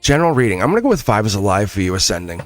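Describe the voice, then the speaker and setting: On a live stream, a man reads tarot in a fairly low voice, speaking very fast over soft background music in a dry recording. He's animated and chatty, laughing often as he talks straight to his viewers.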